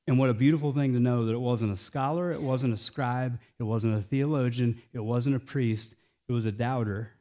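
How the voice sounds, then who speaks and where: With a steady tone and a mid-range voice, this American pastor delivers his sermon. Some phrases come hushed and slow, while others ring out loud and emphatic.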